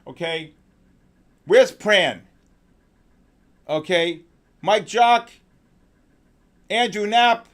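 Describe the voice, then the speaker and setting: Excitable high-voiced male trading host. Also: very slow, long pauses. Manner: excitable, exclaiming, calling out viewers by name. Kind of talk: live market commentary on a stream.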